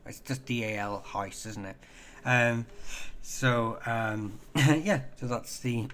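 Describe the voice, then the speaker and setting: Halting, chatty man hosting a stream. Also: medium pitch, a bit bright, slight background noise. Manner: halting, full of ums and uhs, restarts phrases; chatty and self-deprecating. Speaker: host answering viewer questions on surnames. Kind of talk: casual live-stream chat.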